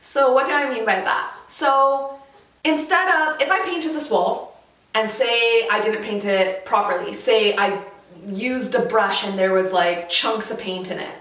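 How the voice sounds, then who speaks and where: Woman vlogger from Canada, casual and animated, higher pitch; recorded with a roomy echo. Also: measured pace, distant mic. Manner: chatty, laughs often, animated. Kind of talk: casual chat to camera. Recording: roomy echo, slightly off mic.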